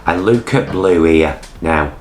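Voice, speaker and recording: Deep-voiced camp English man, chatty. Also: unhurried, darkish tone, reverberant, slight background noise. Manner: camp, gushing, playful. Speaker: co-host reviewing a TV show. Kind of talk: casual chat.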